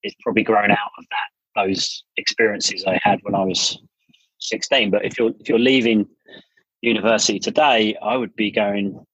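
A man's voice: fairly low pitch, steady tone, moderate pace, fairly bright tone, breathy edge, no echo. A middle-aged English man, a studio founder, chatting casually as a podcast guest and telling stories with frequent restarts. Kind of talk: casual interview storytelling. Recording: dull lo-fi podcast audio.

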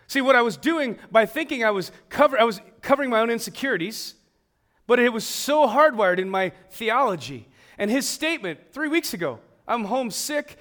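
A man preaching a sermon, swinging between emphatic, raised passages and quiet, hushed ones. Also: very high voice, lively intonation, fairly quick. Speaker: pastor.

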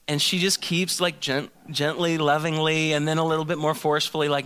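A man's voice: a little high, level tone, a little fast, hardly any pauses, fairly bright tone, clean tone. A man in his thirties, a pastor telling a self-mocking personal story in a sermon and acting out both sides of a conversation.

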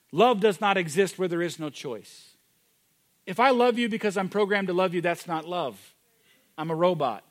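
A man preaching a sermon, moving from loud, emphatic declarations to hushed, intimate moments. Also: sits high. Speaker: pastor.

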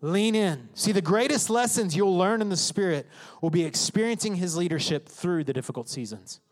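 A man with a high, bright voice preaches from the stage, his words ringing through a reverberant sanctuary. He talks emphatically and conversationally, slipping into the voices and prayers of his congregation. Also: animated, normal speed. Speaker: pastor. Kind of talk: sermon. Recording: reverberant hall.

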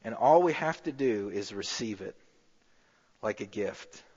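A man preaching a sermon as pastor, rising to emphatic peaks and dropping to a hushed low voice. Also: animated, unhurried, breathy edge. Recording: muffled with long hall reverb.

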